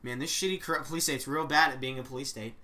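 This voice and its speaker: A woman's voice: extremely low pitch, steady tone, quick pace, pushed and bright, low-quality recording. Woman with dry, sweary game asides. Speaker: game dubber and streamer. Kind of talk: casual play-through commentary.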